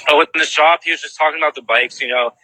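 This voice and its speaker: A man's voice: on the high side, fairly even intonation, fast, bright, forceful tone, dry recording, low-quality recording. A man casually retelling what he witnessed and answering viewers' questions, rambling with lots of "like" fillers and restarts.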